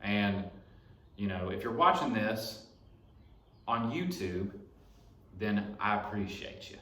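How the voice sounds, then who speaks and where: In an echoey home garage, a young Alabama podcast host tells a rambling, profane story as a casual monologue. His voice is lowish with lively intonation and a sharp tone, and he takes his time.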